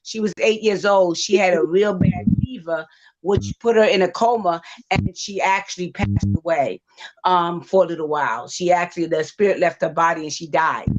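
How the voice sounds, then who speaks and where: A woman psychic on a livestream, talking gently and reassuringly, with many fillers as she tells a story. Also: lowish voice, lively intonation, normal speed. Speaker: psychic panelist. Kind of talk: livestream talk. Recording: dull lo-fi livestream audio.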